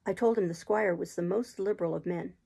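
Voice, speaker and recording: Gravelly-voiced woman reading a classic novel. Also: lowish voice, fairly quick, warm tone, rough recording. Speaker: audiobook reader. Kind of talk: audiobook reading.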